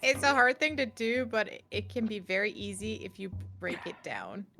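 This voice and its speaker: A woman's voice: mid-range voice, lively intonation, normal speed, bright, forceful tone, faint music behind. A woman co-playing on a game stream, making playful, teasing remarks. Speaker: co-player. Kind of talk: casual gaming chat.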